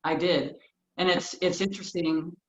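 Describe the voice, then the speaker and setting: A woman's voice: lowish voice, fairly even intonation, normal speed. A woman co-hosting a casual chat, speaking in a reflective, agreeable way. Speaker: co-host. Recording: muffled lo-fi audio with faint noise.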